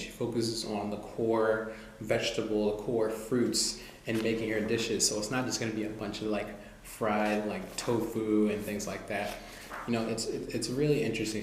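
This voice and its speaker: A man with a fairly low voice chats loosely to his viewers, full of fillers and easy asides. The sound bounces around a very echoey room, with a faint hiss underneath. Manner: relaxed, loose, many fillers like "you know" and "like". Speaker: vlogger reviewing cookbooks. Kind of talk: casual talk to camera.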